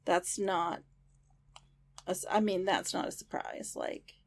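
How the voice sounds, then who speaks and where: A woman's voice: lowish voice, very animated, measured pace, vocal fry. A young woman co-hosting a podcast, chatting agreeably about a film and thinking aloud. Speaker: podcast co-host. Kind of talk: casual film discussion.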